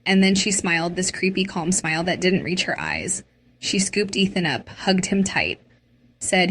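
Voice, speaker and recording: Slow, low-voiced woman narrating a story. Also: big pitch swings, a bit bright. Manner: dramatic, emotional storytelling. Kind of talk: first-person story narration.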